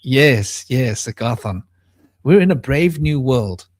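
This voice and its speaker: A man's voice: medium pitch, expressive, takes it slowly, no room sound. A man chatting casually about spiritual topics on a video call, rambling with frequent restarts. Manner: talks in a soft baby voice to a small pet bird. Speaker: co-host.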